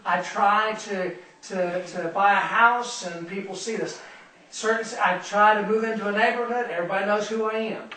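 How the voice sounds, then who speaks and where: A man's voice: high voice, steady tone, normal speed, sharp tone. A man teaching a Bible study, speaking earnestly and repeating words for emphasis. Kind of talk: sermon. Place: room used for a Bible study. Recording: echoey room from far off, faint noise.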